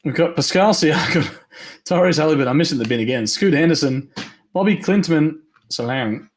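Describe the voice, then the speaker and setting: Hoarse man calling card pulls. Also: on the high side, animated. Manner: rattles off names quickly, upbeat. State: losing his voice. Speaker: trading card breaker host. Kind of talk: live card break commentary.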